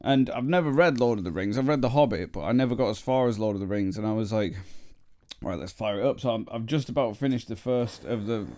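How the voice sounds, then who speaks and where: A man's voice: mid-range voice, fast, hardly any pauses, darkish tone. A man co-hosting a podcast in a studio, rambling in casual chat with many restarts. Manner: rambling, restarts sentences, laughs often. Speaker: podcast co-host.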